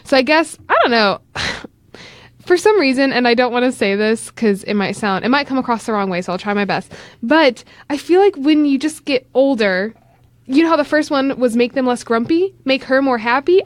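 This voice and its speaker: A woman's voice: high-pitched, animated, brisk, no echo. A young woman hosting a college radio morning show, chatting and reading out survey results. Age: young adult. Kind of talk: casual studio chat. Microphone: studio microphone.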